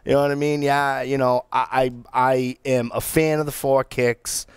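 A middle-aged man co-hosting a casual podcast, telling stories with excitable energy and plenty of restarts and fillers. His voice is smooth and resonant. He is recorded dry and close, with no room sound. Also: medium pitch, moderate pace, no room sound. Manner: excitable, animated storytelling with many restarts and fillers. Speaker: podcast co-host reviewing cigars. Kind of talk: casual chat.

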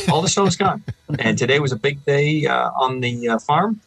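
A man's voice: mid-range voice, expressive, moderate pace, vocal fry, a bit bright, dry recording, poor audio. A man co-hosting a radio show over a video call, telling wry, rambling stories. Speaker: co-host. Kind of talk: casual banter on a radio show.

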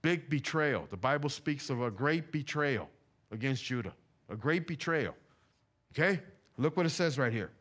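A man's voice: mid-range voice, animated, moderate pace, fairly bright tone. A man preaching a sermon in a church, talking in a loose, conversational way with slang and repeated phrases. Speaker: pastor. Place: church sanctuary.

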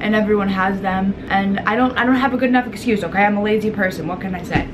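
A woman's voice: medium pitch, fast, background noise. A young woman vlogging casually from a hotel room, bubbly and goofy, talking to herself into a handheld camera.

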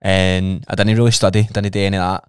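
A man's voice: low voice, level tone, quick pace, clean tone, no echo, clean studio sound. A Scottish man chatting casually as a guest on a podcast, talking bluntly with plenty of swearing.

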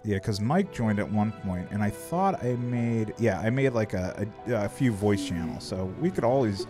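A man's voice: lowish voice, animated, normal speed, music in the background. A man streaming a game, chatting casually, swearing freely and laughing often as he rambles with restarts. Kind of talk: casual live-stream chat while gaming.

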